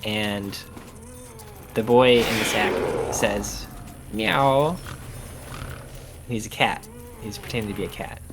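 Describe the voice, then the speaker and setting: A man's voice: fairly low pitch, unhurried, background noise. A man in casual chat, retelling a story in an easygoing, plain way.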